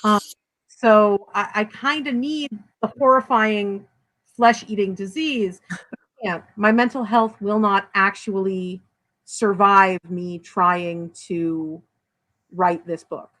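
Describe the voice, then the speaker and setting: A woman author in a relaxed interview. Her pitch sits in the middle, and she speaks frankly, with lively turns and a self-deprecating edge. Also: slow, poor audio. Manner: blunt, animated, self-deprecating. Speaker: author guest. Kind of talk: casual video interview.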